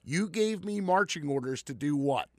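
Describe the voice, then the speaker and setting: A man's voice: a little high, expressive, normal speed, dry recording. A male sports radio co-host with a slightly raised voice, dryly ribbing his partner and drifting into nostalgia. The studio is dry and close. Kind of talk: casual sports radio chat.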